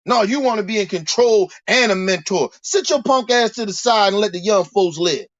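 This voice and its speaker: A man's voice: sits high, normal speed, no echo, highs cut off. A man delivering a heated, profane monologue rant, preaching and repeating himself as he builds his points. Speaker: commentator.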